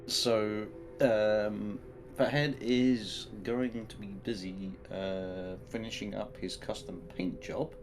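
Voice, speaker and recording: A man with a fairly low voice, a player in an online tabletop game. He talks haltingly, full of pauses and self-corrections, and music plays clearly behind him. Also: steady tone. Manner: hesitant, many ums and self-corrections. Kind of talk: casual game chat.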